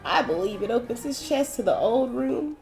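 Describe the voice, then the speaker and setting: A woman voicing a gruff, rowdy male pirate sailor in a drawling Southern US accent for a video game playthrough. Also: on the high side, expressive, normal speed, music in the background, voice pushed up. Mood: boastful.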